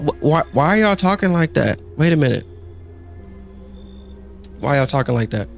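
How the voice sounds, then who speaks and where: Gravelly young man streaming, swearing. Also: fairly high pitch, normal speed, long pauses, faint music behind. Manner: profane, excitable reactions to the game. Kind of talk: live gameplay commentary.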